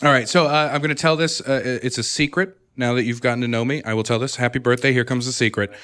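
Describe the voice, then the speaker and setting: A male comedian doing a stand-up routine on a club stage, self-mocking, often jumping into high, excited outbursts. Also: fast, clean tone.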